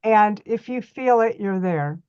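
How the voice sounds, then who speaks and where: A woman's voice: medium pitch, lively intonation, a little slow, dark tone, clear, resonant tone, no echo, highs cut off. Chatty woman teaching a reflexology workshop. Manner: chatty, folksy, demonstrating on a model foot.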